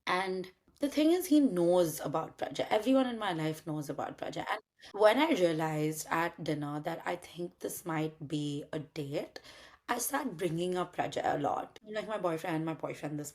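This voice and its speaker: Animated young woman from India. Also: fairly low pitch, normal speed. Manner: animated, acts out both sides of dialogue, swears casually. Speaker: podcast host telling a story. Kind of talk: casual storytelling chat.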